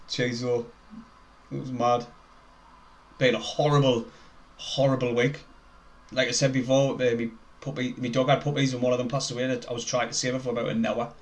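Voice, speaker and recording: A young man with a North East English accent, commenting on a football match live for his stream and chatting with viewers in a chatty, excitable way. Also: medium pitch, normal speed, long pauses. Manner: chatty, excitable, laughs often, reads out viewer names.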